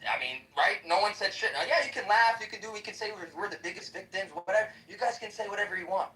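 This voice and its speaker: A man rants in a heated live debate, swearing freely and combative throughout. His delivery is quick and his tone bright and sharp. He sounds distant and echoey, as on a livestream. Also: high voice, expressive. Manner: profane, combative ranting. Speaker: debater in a live app chat room.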